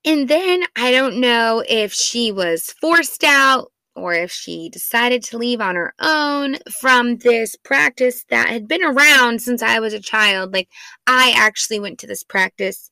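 Chatty bright-voiced mom with vocal fry. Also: female voice, fairly high pitch, animated, measured pace, dry recording. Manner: chatty, rambling, self-deprecating, many "like"s. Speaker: mother of four telling a family story. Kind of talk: casual storytelling podcast.

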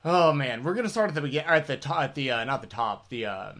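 A man's voice: mid-range voice, lively intonation, fast talker, a bit bright. A man co-hosting a casual podcast, talking loosely and restarting his sentences. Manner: rambling, with many restarts and laughs. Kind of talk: casual chat.

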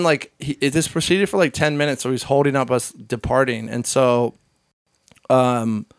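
A man in a casual podcast chat, telling a story in an animated way and acting out other people's voices. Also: medium pitch, smooth, no echo, studio quality. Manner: swears casually, lots of fillers. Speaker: podcast guest.

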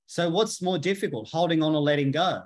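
A man speaking in a somewhat high voice, blunt and emphatic. He swears freely and drives his points home in a loose podcast conversation. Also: fairly quick. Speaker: podcast guest, healer. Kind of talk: casual conversation.

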